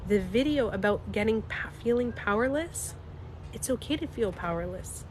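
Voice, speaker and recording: A woman beauty coach chatting candidly on a livestream, animated, swearing freely and laughing often. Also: on the high side, normal speed, a little hiss or hum. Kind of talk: casual livestream chat.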